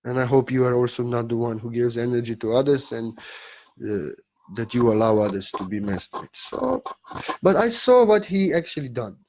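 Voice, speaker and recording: A man's voice: mid-range voice, expressive, moderate pace, a little mellow, lo-fi sound. A man speaking as a spiritual teacher in a blunt, emphatic monologue, with non-native phrasing and frequent swearing.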